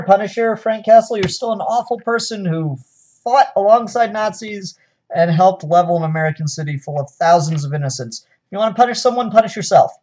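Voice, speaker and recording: A man's voice: fairly high pitch, darkish tone. A man casually reviewing comic books on his own, with a sarcastic, exasperated manner and frequent sighs and fillers.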